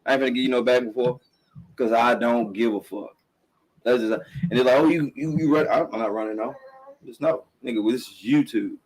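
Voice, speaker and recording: In a rough recording, a middle-aged man with a mid-range, darkish voice speaks briskly with fairly even intonation. He hosts a live-streamed podcast and delivers a casual, profane commentary rant, blunt and emphatic, swearing often and repeating himself.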